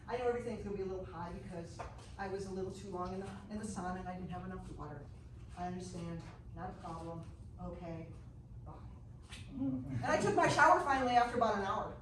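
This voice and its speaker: A woman teaching a health class who tells her stories in an animated way and often laughs. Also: mid-range voice. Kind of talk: casual storytelling class. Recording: echoey room, mic far off, noisy.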